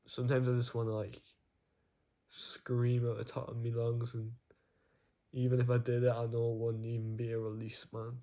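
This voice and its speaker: A man talking haltingly in a personal video diary from his own room, often searching for words. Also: medium pitch, completely flat delivery, mellow. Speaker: vlogger.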